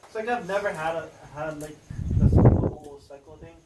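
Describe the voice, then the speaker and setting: Male co-host, stop-start profane chat; roomy, far-off sound under heavy noise. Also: fairly high pitch. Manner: profane, halting. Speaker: podcast co-host. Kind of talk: casual podcast chat. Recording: echoey distant mic with loud noise.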